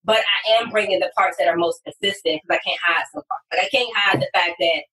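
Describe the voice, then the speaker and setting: A woman guest on a podcast, talking about copywriting in an animated, emphatic way with sudden loud bursts. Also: fairly low pitch, fairly quick. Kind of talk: casual podcast conversation. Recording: distant, echoey room sound.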